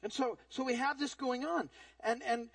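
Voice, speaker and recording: A man's voice: very high voice, fairly even intonation, normal speed, vocal fry, fairly bright tone, breathy edge, dry recording, distant mic, rough recording. A man preaching a sermon as pastor, earnest and conversational, often repeating words as he starts a phrase.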